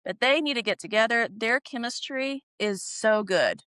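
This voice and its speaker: A woman's voice: fairly high pitch, moderate pace, a bit bright, no echo. A woman co-hosting a podcast, recapping a TV show in casual chat, laughing often and acting out characters' lines. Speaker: podcast co-host.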